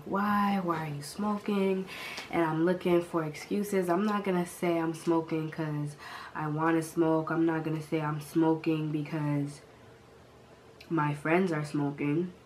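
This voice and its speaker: A young woman from the Boston area, recorded at home on a camera mic, telling a story to viewers in a chatty, animated way. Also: low voice, unhurried, slight background noise. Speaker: vlogger. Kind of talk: casual storytelling.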